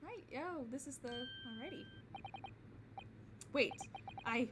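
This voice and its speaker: Excitable young woman game streamer. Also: sits high, takes it slowly, noisy background. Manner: excitable, giggly, swears casually. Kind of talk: live game reaction. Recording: game music behind. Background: game music.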